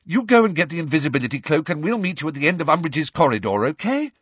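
A man voicing a clever, anxious teenage schoolgirl who organises everyone, in a husky voice. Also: a little high, big pitch swings, fast talker, fairly bright tone, no room sound, highs cut off, pitched above the performer's own voice, heavily acted. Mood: bossy.

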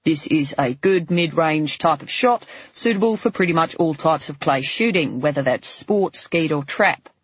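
A man playing a shooting instructor who speaks in a measured, deadpan, instructing manner. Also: a little high, breathy edge, no room sound, highs cut off. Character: brisk male shooting instructor.

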